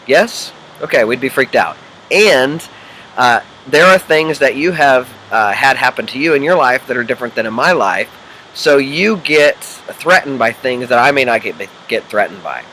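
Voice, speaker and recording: A Midwestern executive life coach speaks at normal speed in a medium-pitched, expressive voice with a sharp tone. In a casual, unedited video he checks in with the viewer and acts out quoted voices and inner chatter in his examples. The low-quality recording has slight background noise.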